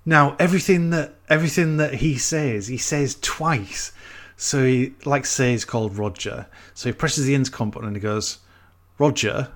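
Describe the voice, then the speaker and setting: A man's voice: mid-range voice, moderate pace. A man co-hosting a podcast, talking about a film with amused disbelief. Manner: incredulous, amused, mocks the film. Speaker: podcast co-host. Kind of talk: casual chat about a film.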